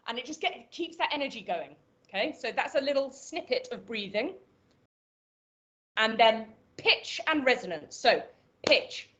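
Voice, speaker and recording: A woman with an Irish accent teaching an online voice class, explaining and demonstrating breathing and pitch exercises. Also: fairly bright tone, highs cut off. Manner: instructive, demonstrates vocal exercises. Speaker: voice coach.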